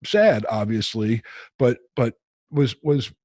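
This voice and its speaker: Husky New Jersey man hosting. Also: mid-range voice, sing-song, takes it slowly, a little mellow, dry recording. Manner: joking and self-deprecating, chatty. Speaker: podcast host. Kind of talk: casual interview chat.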